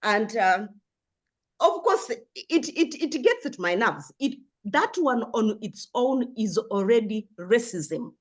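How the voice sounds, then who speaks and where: A woman's voice: fairly high pitch, lively intonation, takes it slowly. An older woman from Africa, speaking as a panelist in a discussion, passionate and earnest, with frequent restarts.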